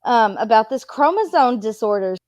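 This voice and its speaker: A woman's voice: a little high, expressive, normal speed, a little mellow, dry recording, muffled recording. Chatty laughing woman streamer. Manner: laughs often, profane and chatty. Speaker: streamer reviewing a video. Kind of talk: casual commentary.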